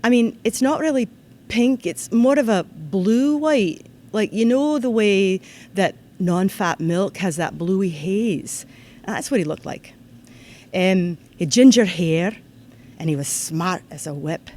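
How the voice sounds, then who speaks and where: A woman giving a formal ceremony address to students, in an earnest, measured way that turns lively when she tells a story. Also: medium pitch. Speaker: ceremony speaker. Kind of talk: formal commencement-style address.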